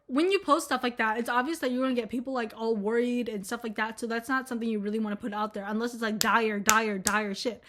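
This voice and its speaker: A woman's voice: a little high, a bit bright. A young woman in college talking frankly and profanely in a rambling vlog monologue, full of fillers. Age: young adult. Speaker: vlogger. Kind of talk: casual candid monologue.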